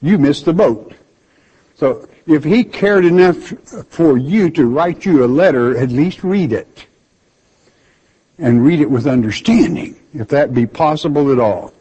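A man's voice: a little high, animated, a little slow, dark tone, slightly rough. A man preaching a sermon. He reads scripture aloud and bluntly explains it, scolding listeners with rhetorical questions. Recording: dull lo-fi recording.

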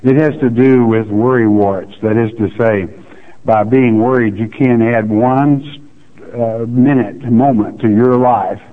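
A man's voice: mid-range voice, steady tone, unhurried. A man preaching a verse-by-verse Bible lesson with folksy, teasing asides. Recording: tinny phone-like audio.

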